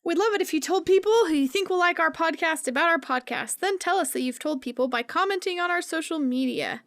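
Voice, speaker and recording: A woman reads a podcast promo, speaking directly to listeners in a high voice. The recording is dry and close. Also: expressive, fast, fairly bright tone, dry recording. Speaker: podcast host.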